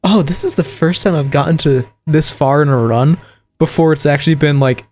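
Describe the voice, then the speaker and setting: Streaming a video game with faint game music behind him, a Southern American man chats in a brisk, fairly high, slightly mellow voice. He rambles casually, laughing often and using plenty of fillers.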